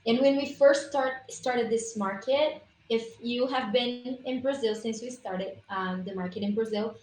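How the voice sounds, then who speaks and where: A woman's voice: fairly high pitch, a little slow, a little mellow. Chatty woman on a roomy video call. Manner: enthusiastic, chatty storytelling. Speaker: guest presenter on essential oils. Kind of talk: casual live-stream product talk. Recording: roomy echo, faint room ambience.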